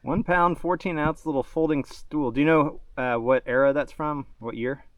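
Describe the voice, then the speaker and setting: A man's voice: a little high, fairly even intonation, normal speed, dry recording. A man hosting an outdoor vlog, narrating a hike through the woods in a chatty way and laughing often. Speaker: vlog host. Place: outdoors in a forest.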